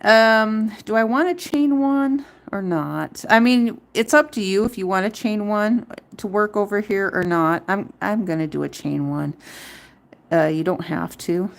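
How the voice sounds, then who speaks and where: A woman's voice: medium pitch, a little slow, gravelly. A middle-aged woman hosting a live crochet tutorial, chatting casually and counting her stitches aloud. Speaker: crochet livestream host.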